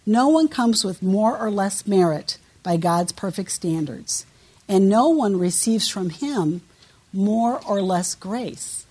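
Husky-voiced woman preaching a sermon. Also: medium pitch, darkish tone. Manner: earnest, emphatic, quotes scripture.

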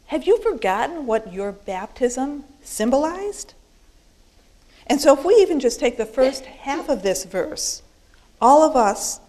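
A woman's voice: medium pitch, a little mellow, poor audio. A woman teaching a Bible study group, working through a passage line by line. She explains patiently, leans hard on key words, and stumbles into fillers and restarts.

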